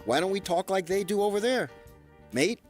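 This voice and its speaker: A man's voice: high-pitched, lively intonation, normal speed, faint music behind. Joking male radio co-host. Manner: joking, needling his co-host. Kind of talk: sports talk radio banter.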